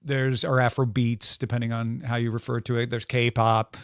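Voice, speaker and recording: A middle-aged man co-hosting a podcast, talking in a relaxed, rambling way with small chuckles. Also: medium pitch, moderate pace, smooth, dry recording, clean studio sound. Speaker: podcast co-host. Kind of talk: casual chat.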